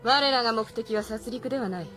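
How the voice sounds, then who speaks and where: Woman as a cool warrior princess, clipped commands, fast, film music softly under. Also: on the high side, natural voice. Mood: commanding. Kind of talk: Japanese anime film dialogue.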